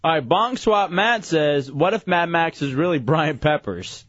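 Man, radio host, teasing, laughing, fairly high voice, dull lo-fi sound. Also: expressive, unhurried, fairly bright tone, a little hiss or hum. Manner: laughing, teasing, reads listener messages. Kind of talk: casual radio banter.

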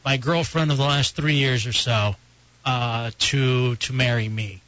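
A man's voice: mid-range voice, fairly even intonation, a little slow, fairly bright tone, no echo. A man hosting a live radio talk show, teasing his co-host in a mock-arrogant, boastful way. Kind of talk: casual radio banter. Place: radio studio. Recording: dull lo-fi radio broadcast with faint music.

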